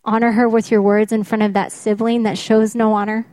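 A woman's voice: a little high, level tone, brisk, mellow, no room sound. Emphatic woman preaching a sermon. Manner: emphatic, repeats key phrases.

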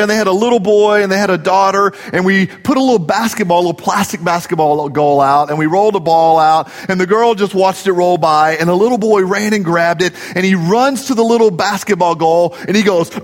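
A middle-aged man preaches with a high, light voice, mixing jokes and family stories into his sermon. His words ring out with a long hall reverb around them. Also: fairly quick, few pauses. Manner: jokey, storytelling preacher. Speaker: pastor.

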